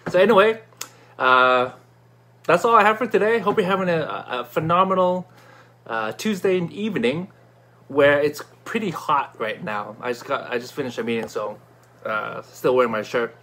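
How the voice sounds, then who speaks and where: Guy doing a chatty excited product review vlog, kinda high voice, lots of uhs. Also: normal speed. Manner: chatty and excitable, with many fillers and restarts.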